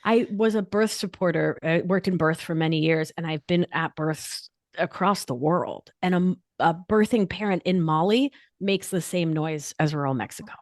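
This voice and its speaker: Animated woman podcast guest, dry sound. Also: on the low side, normal speed, hardly any pauses, no room sound. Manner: animated, emphatic, casual slang. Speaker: guest, nurse practitioner and author. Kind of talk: podcast interview talk.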